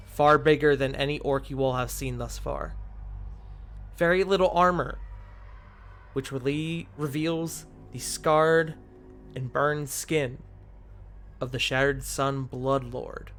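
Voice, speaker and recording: A man's voice: mid-range voice, a bit bright, slight background noise. Man narrating a tabletop game. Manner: descriptive storytelling with frequent restarts. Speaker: game master.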